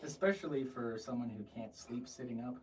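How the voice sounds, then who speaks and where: A man's voice: mid-range voice, brisk, a little mellow. A man in his thirties co-hosting a casual travel chat at home, joking and laughing often. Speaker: podcast co-host. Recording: distant mic with faint noise.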